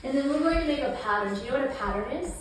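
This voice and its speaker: A woman's voice: sits high, animated, rapid-fire, a little hiss or hum. A woman and mother leading her child through a yoga session, playful and encouraging, imitating animal sounds as she goes. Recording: very echoey room, mic at a distance.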